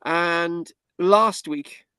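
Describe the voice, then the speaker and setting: A British man with a high, light voice runs a casual online history class. He talks in a chatty, halting way, restarting his sentences over a video call, and the sound is dry and close. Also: sharp tone, clear, resonant tone, no room sound. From Britain. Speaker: history class tutor and host.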